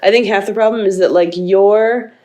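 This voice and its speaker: A woman's voice: mid-range voice, steady tone, normal speed, warm tone. A woman on a podcast as a guest, chatting casually and explaining things at length with many fillers. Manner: thoughtful, explains in long runs with many fillers. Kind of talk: casual chat. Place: indoors, podcast recording.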